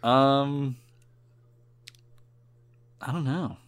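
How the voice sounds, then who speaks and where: A man's voice: mid-range voice, extremely slow, clean tone. A young man co-hosting a casual chat over a call, offhand with dry jokes. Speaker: podcast co-host.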